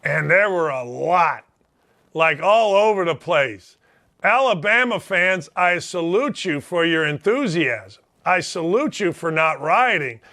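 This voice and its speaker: A man's voice: on the high side, expressive, slow pace, pushed and bright. A middle-aged man hosting a sports talk show, ranting bluntly in a riled-up monologue full of folksy slang. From Indianapolis, United States. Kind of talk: opinionated sports radio monologue.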